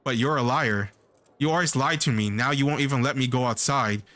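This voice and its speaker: A man's voice: mid-range voice, a little fast, a bit bright, lightly acted. A sulky, childish young oracle girl, voiced by a man in a mid-range voice from a fantasy game. She whines and pouts through her lines. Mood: petulant. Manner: petulant, whiny.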